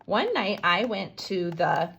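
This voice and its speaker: A woman teacher modeling sentence writing for young students, slowly sounding out letters and syllables. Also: on the low side, big pitch swings, creaky, a bit bright, a little hiss or hum.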